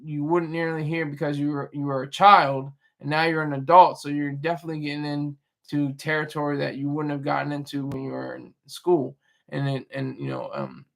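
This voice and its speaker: Fairly quick and creaky, with a flat delivery and a slightly high voice, a man hosts a casual livestream. Reading chat, he rambles, restarts his thoughts, and chuckles along with viewers.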